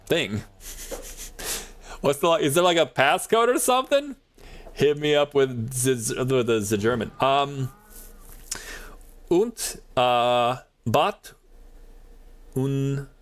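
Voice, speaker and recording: A man streaming a game, chatting casually and answering his chat, rambling with lots of "like" and frequent laughs. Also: medium pitch. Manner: rambling, heavy on "like", laughs often.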